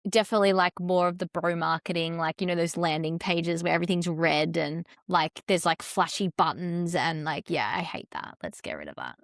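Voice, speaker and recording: A young Australian woman talks easily as a podcast guest, her speech full of "like" fillers. Her voice sits a little low and carries a gravelly fry. The recording is dry and close. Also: no room sound. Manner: chatty, fast-flowing, with frequent "like" fillers. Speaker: podcast guest, content strategist. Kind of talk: casual interview chat.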